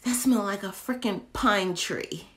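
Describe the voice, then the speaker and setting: A woman's voice: mid-range voice, unhurried, fairly bright tone. A young woman, chatting casually through a candle haul, playful and often dropping into whispers as she talks to herself. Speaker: vlogger reviewing candles. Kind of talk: casual haul video chat.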